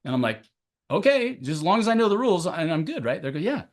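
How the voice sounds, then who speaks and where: A man coaching high jump, chatting as a podcast guest, telling animated stories and acting out the people he quotes, often laughing as he talks. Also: fast. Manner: laughs often while talking. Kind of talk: casual podcast chat.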